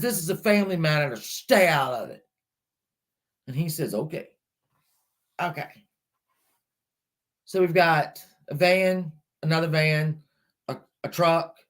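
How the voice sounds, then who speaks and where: A woman's voice: on the low side, fairly bright tone. A woman hosting a true-crime livestream, retelling a case in a chatty way and breaking off to greet people in the chat. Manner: chatty, talks back to chat comments mid-story. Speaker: livestream host. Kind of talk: casual true-crime storytelling to a live chat.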